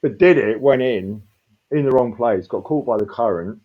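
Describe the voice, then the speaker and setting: A man in his fifties, a street performer, telling a rambling, animated story and swearing freely. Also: medium pitch, normal speed, phone-quality sound. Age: 50s. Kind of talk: casual storytelling.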